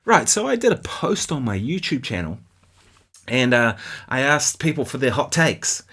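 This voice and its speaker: New Zealand man, easygoing guitar host, average pitch, talks loosely and keeps checking in with "right?". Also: very animated, normal speed, fairly bright tone, breathy edge. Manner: chatty, laughs often, keeps asking "right?". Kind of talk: casual commentary on viewer comments.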